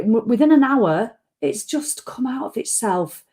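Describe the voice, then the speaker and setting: A woman's voice: a little high, big pitch swings, moderate pace, warm tone. A tired woman, ranting bluntly and swearing freely as she hosts a casual live-stream chat. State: tired after a run. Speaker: vlog host.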